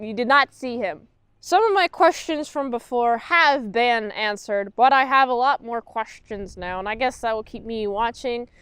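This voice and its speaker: A woman giving a blunt, sarcastic spoken review of a TV show, acting out characters in quick quoted voices. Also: fairly high pitch, clear, resonant tone, no room sound.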